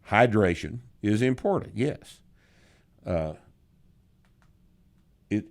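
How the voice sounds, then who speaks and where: A man's voice: deep voice, darkish tone. An older man hosting a podcast Q&A, answering listener questions in a blunt, sardonic way with some swearing. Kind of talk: casual podcast Q&A.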